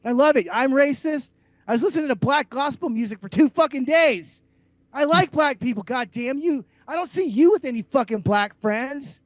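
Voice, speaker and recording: Man, abrasive comedic rant, high pitch, dry close sound. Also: animated, moderate pace, no echo. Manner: loud, abrasive, sarcastic. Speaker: podcast co-host. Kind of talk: profane comedic ranting.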